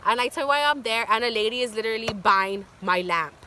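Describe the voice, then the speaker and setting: Young woman, storytime vlogger, bright voice, rambling chatty delivery. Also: fairly high pitch, fast talker, a little hiss or hum. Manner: chatty, filler-heavy with constant "like". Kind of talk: casual storytime.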